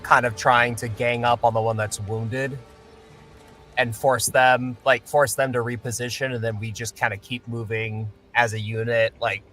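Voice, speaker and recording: A man's voice: mid-range voice, level tone, moderate pace, fairly bright tone, soft background music, low-quality recording. A man playing a tabletop game, tentatively talking through his plan. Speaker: player. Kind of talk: casual tabletop play.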